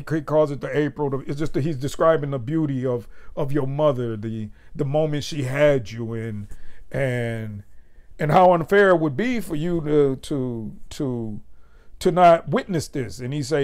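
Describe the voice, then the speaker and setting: A man hosting his own vlog, talking casually with loose, profane asides and laughing often. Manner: loose, profane and laughing, breaks into loud high cackles; slow, careful recitation when reading the poem. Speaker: vlog host. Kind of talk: casual vlog commentary with a slow read-aloud.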